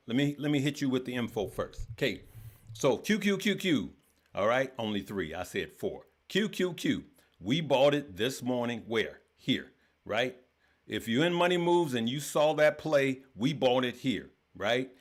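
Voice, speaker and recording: A man hosting a casual stock market livestream, talking to viewers in an energetic, repetitive way and calling them "good people". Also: medium pitch.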